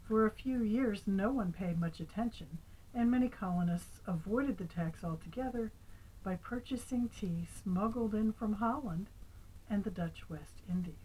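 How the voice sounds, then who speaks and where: An older woman reading a picture book aloud to her grandchild, gentle, asking the child little questions, sometimes dropping into a whisper. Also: mid-range voice, moderate pace, a little hiss or hum, rough recording.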